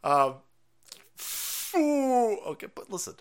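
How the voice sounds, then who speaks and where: A man's voice: on the high side, very animated, moderate pace, fairly bright tone. A man hosting a livestream, ranting in profane, mocking commentary and laughing often. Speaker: livestream host.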